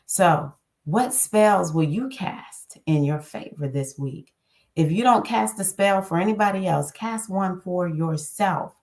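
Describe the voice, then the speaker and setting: A woman with a low, deep speaking voice talks casually but earnestly, encouraging her listeners. She hosts an inspirational self-help monologue with a warm, conversational flow. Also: measured pace. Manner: earnest, encouraging, animated self-talk asides. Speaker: spiritual self-help host.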